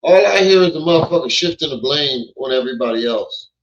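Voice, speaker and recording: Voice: medium pitch, lively intonation, fast, slight background noise. A blunt, profane commenter reacting to a clip on a stream. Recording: dull lo-fi sound.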